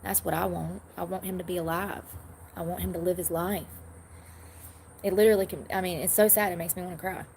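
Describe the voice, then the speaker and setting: A woman's voice: lowish voice, fairly even intonation, a little fast, a little mellow. Female livestream host, conversational and meandering, speaking into a phone with light background noise. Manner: chatty, rambling, reads and answers comments. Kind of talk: casual livestream chat.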